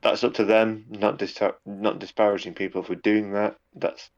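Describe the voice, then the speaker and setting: Low gravelly man, lo-fi chat. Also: moderate pace. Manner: relaxed, rambling with repeats and fillers. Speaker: guest, YouTube narrator. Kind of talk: casual interview chat.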